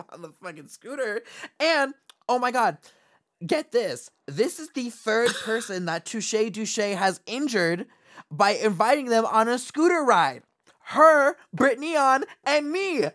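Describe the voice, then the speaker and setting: A woman co-hosting a podcast, telling a story in casual chat, animated, laughing often and swearing. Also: medium pitch, no room sound, studio quality. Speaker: podcast co-host.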